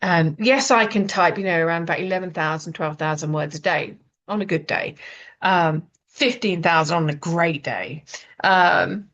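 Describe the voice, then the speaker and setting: A woman's voice: fairly low pitch, moderate pace, fairly bright tone. British woman talking in dull lo-fi sound. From Britain. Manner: rambling, with many fillers and restarts. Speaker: author and writing coach. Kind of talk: casual spoken talk.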